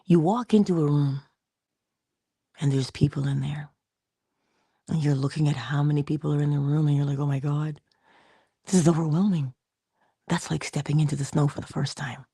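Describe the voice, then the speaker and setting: A woman with a low, husky voice talks her listener through a motivational lesson in a coaching, conversational way. She drops into soft whispers now and then to press a point. The sound is dry and close. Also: steady tone, brisk, long pauses, no echo. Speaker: inspirational speaker. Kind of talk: motivational talk.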